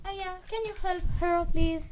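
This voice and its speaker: A woman playing a strict female English teacher in a classroom role-play skit, giving slow, clear instructions. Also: very high voice, fairly even intonation, a little mellow, a little hiss or hum. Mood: calm, instructive.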